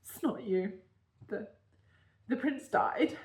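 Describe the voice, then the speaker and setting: A woman's voice: mid-range voice, lively intonation, slow, reverberant. A woman reading her own story aloud, voicing a frightened young heroine who babbles through her tears. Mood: scared, tearful. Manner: tearful, babbling, breathless. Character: frightened young woman, a queen's hidden bastard.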